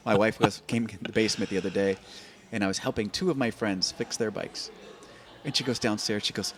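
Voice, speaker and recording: A man in his fifties, a podcast guest, telling stories in an animated way, often repeating and restarting words. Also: fairly low pitch, a little fast. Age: 50s. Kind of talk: conversational storytelling. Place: open-air bike and coffee shop in a garage.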